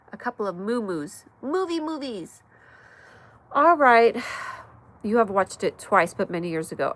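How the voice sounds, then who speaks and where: A woman with a mid-range voice hosts a laid-back night stream from her mother's home, rambling chattily while reading the chat, laughing frequently, and shouting out in sudden bursts of excitement.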